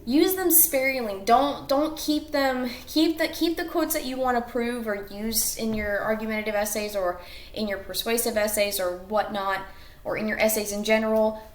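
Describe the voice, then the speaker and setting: A woman's voice: fairly high pitch, fairly even intonation, normal speed, reverberant, slight background noise. A woman teacher talking through a recorded class lesson step by step, with fillers and self-corrections.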